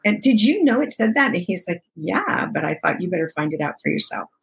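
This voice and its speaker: As an interview guest, a woman in her sixties tells a personal story with a fairly low, creaky, slightly rough voice at a fairly quick pace. She's conversational and expressive, voicing the dialogue and laughing frequently.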